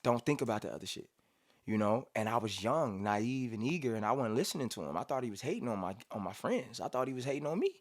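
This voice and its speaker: Animated storytelling man, rapper guest. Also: medium pitch, fast talker, few pauses. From Cincinnati, USA. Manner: animated storyteller, acts out quotes, hums beats. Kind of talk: casual storytelling interview. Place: studio.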